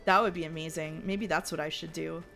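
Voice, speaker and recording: Low, gravelly-voiced woman streaming. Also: fairly even intonation, fairly quick, fairly bright tone. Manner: chatty, reads chat aloud, trails off and restarts. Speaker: streamer playing a life-sim game. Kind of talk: casual live-stream chat. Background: faint game music.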